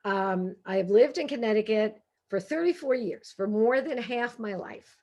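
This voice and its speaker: A woman's voice: fairly high pitch, moderate pace. Chatty Brooklyn woman telling funny stories. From Brooklyn, New York. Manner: lively, animated, chatty with many asides. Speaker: author and humorist. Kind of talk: comic storytelling talk. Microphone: video call.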